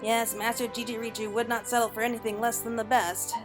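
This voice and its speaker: A woman reading the lines of a calm, blind retired mercenary who is now a male wine connoisseur in a video game, speaking in a measured, refined way. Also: a little high, over music, natural voice.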